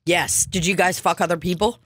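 A woman's voice: fairly low pitch, fairly even intonation, fairly quick, fairly bright tone, husky. A young woman hosting a podcast, chatting casually in a rambling, profane and jokey way. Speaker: podcast host. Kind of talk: casual chat.

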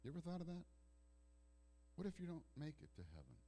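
A male pastor preaches from the pulpit of a church. He swings from ringing declarations to near-whispered, drawn-out phrases. He often repeats a word or restarts a phrase before pressing on. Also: a little high, wildly swooping pitch. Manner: dramatic swings between loud declarations and hushed, slow passages. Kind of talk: sermon. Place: church sanctuary.

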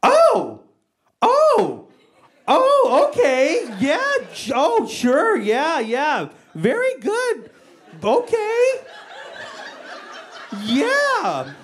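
A woman doing a squeaky flustered HR lady. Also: huge pitch swings, slow pace, few pauses, full character voice. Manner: squeaky, stammering, overly polite. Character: flustered polite woman in HR, awkward. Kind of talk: stand-up act-out.

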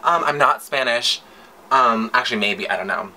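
A man's voice: mid-range voice, moderate pace, bright, forceful tone. A young man hosting a music video reaction, gushing and rambling with self-mocking asides. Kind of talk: excited reaction chat. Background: song playing faintly.

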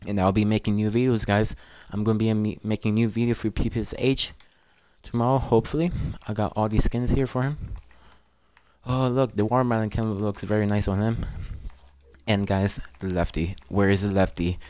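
Casual gaming host, male, lower register, chatty and eager, dry close sound. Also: little pitch movement, normal speed, darkish tone, smooth, no echo. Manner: chatty, keeps addressing viewers as "guys"; pleading and eager. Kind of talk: casual game commentary.

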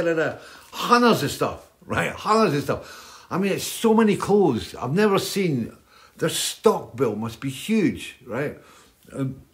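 Rambling older man telling stories. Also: medium pitch. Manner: chatty, keeps adding "right?". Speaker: host. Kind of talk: rambling storytelling chat.

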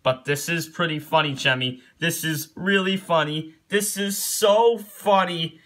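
Slow, giggly man with a bright voice. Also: on the high side. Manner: giggly and repetitive, laughing at each picture in singsong chants; mock-scolding and talking to the picture maker directly. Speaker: YouTuber reacting to pictures. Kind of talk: comedic reaction commentary.

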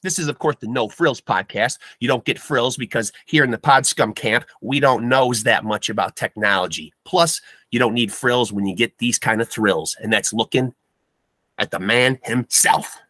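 A man's voice: mid-range voice, moderate pace, bright, forceful tone, no room sound. A man hosting a comedic podcast with hammy, bombastic showman patter. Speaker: podcast host.

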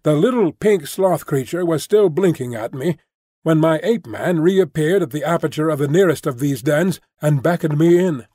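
A man reading a classic novel aloud as an audiobook narrator, in a measured, descriptive way. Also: on the high side, mellow, no echo, studio quality. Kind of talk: scripted narration.

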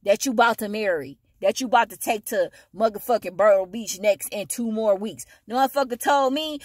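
A woman vents at home in a heated, profane monologue full of blunt slang. Her voice swings up into loud, high-pitched bursts, and the sound is dry and close. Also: fairly quick, few pauses, no echo. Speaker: vlogger. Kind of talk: ranting monologue to camera.

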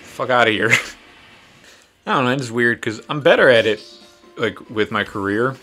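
Bright-voiced man chatting while gaming. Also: medium pitch, unhurried, soft background music. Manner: rambling, profane, self-deprecating. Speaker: podcast host and tattoo artist. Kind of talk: casual chat while playing a fighting game.

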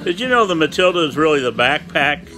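A man's voice: on the high side, sing-song, fast, pushed and bright, rough recording. A man in his seventies hosting a casual video diary, exuberant and given to whooping and hollering. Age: 70s. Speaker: vlog host.

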